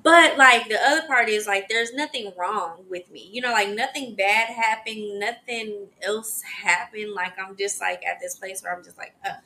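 A young adult woman hosting a casual solo podcast, talking in a chatty, expressive way with sighs and laughs. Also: medium pitch, normal speed, few pauses. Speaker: podcast host.

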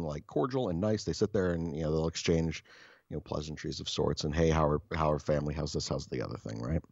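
A man's voice: deep voice, a little mellow, no room sound, muffled recording. A man casually telling a long anecdote, swearing freely and restarting his sentences often. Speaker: storyteller.

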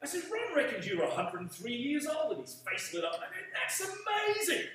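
A man's voice: very high-pitched, sing-song, quick pace, a bit bright. A man preaching, telling a story and leading prayer, acting out the dialogue. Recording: echoey room from far off.

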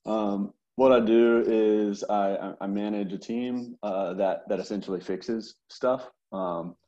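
A man's voice: on the low side, fairly even intonation, unhurried, mellow, dull audio. A man being interviewed as a guest, speaking hesitantly with repeated words and many fillers. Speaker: interview guest, service manager. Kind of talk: casual interview.

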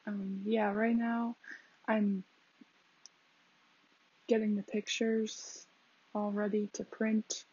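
A woman's voice: medium pitch, level tone, takes it slowly, long pauses, mellow, husky. A young woman hosting a casual podcast, rambling chattily with lots of fillers and laughing at herself. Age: young adult. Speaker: podcast host. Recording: dull lo-fi home recording.

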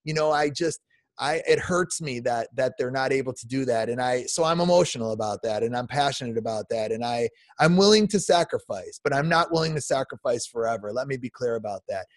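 Speaking a little fast at medium pitch, a man in his 40s pours out a heartfelt rant as a podcast guest. It's emotional and full of repetitive restarts and frequent uses of "man," recorded with no room sound.

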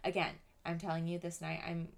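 A woman's voice: lowish voice, brisk, creaky. Young woman telling a story, full of swearing. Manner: swearing, animated, filler-heavy "like". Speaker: podcast host. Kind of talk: casual storytelling.

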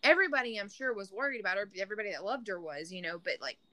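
A woman's voice: medium pitch, lively intonation, very fast, pushed and bright. A single mother talking earnestly in a podcast conversation, often restarting her sentences. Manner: earnest, frequent restarts and "you know".

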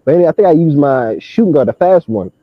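A young man spins a slangy, animated story in casual chat. His voice sits a little high and the recording sounds dull and lo-fi. The room is dry. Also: fast, no echo.

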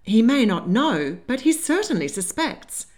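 A spirited young Regency lady, agitated and exasperated, pressing every point with urgency. A woman plays her in an audiobook. Her voice lifts high and swings widely. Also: sing-song, a little slow, a little mellow. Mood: urgent.

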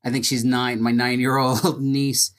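A man's voice: mid-range voice, flat delivery, a little slow. A man co-hosting a casual movie podcast, chatty and laid-back.

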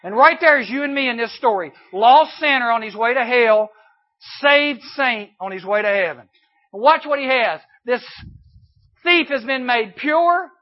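Male youth camp speaker; high voice, emphatic sermon delivery, muffled recording. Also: measured pace. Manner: animated, emphatic storytelling with sudden drops to a hush.

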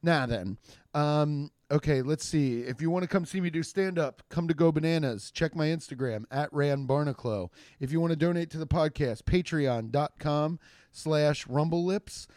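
Man, comedy podcast host, solo monologue, slightly high voice, dry close mic, rambling, profane, jokey asides. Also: normal speed, a little mellow, no room sound.

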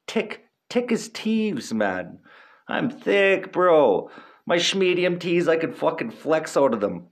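A man in his thirties hosting a podcast, rambling casually in a laid-back, profane, slangy way with frequent laughs. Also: on the high side. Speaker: podcast host.

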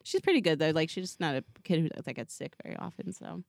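A woman's voice: low voice, sing-song, quick pace, gravelly, a little mellow, no room sound, clean studio sound. A woman in her thirties, a mom, casually telling a story on a podcast, swearing, laughing often and acting out her toddler's lines.

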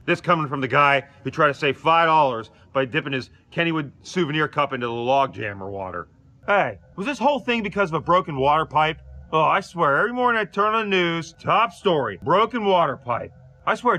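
Guy playing a gruff pittsburgh dad, pittsburgh accent, high bright nagging voice, sarcastic griping. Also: heavily acted. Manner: complaining, nagging family, sarcastic. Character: gruff middle-aged Pittsburgh dad, grumbling. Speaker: comedy character. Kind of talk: comedic monologue clip.

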